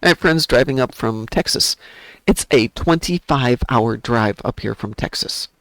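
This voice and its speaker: A man's voice: medium pitch, animated, a little slow, fairly bright tone, dry recording, rough recording. A man with a Midwest accent, hosting a game stream and telling stories in casual chat. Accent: American Midwest. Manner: chatty storyteller. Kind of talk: casual chat while gaming.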